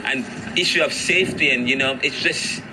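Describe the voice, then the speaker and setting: A man hosting a street interview podcast outdoors, talking in an emotional, halting way with many restarts. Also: medium pitch, background noise. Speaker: podcast host.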